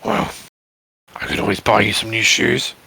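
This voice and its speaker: Man, tabletop player, cheeky dry retorts, very husky, heavy gravel. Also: on the low side, wildly swooping pitch, moderate pace, sharp tone, dry recording. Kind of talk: in-character tabletop play.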